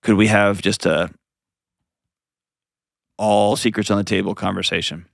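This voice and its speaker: A man hosting an advice call-in show, talking in an earnest, gently coaching way and often restarting his sentences. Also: on the low side, fairly even intonation, measured pace, vocal fry, dry recording, clean studio sound. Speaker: host.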